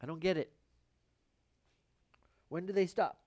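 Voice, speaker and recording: Slow, rambling male painter. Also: on the high side, darkish tone. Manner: wandering, self-mocking asides to himself. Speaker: painter hosting a live painting stream. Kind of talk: rambling live commentary while painting. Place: painting studio.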